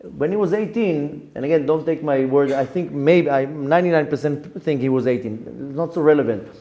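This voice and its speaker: A man giving a Torah lesson as a rabbi, telling a story in a lively way, repeating words and acting out the lines of the people in it. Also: a little high, normal speed, muffled recording. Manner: animated, repeats words, acts out quotes in the story.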